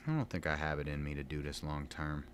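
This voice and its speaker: A man's voice: rumbling low, quick pace, a little hiss or hum. A man around thirty, chatting loosely and poking fun at himself while he plays a game at home. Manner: loose, chatty, self-mocking, plenty of fillers. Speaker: gaming vlogger. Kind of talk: casual rambling chat while gaming.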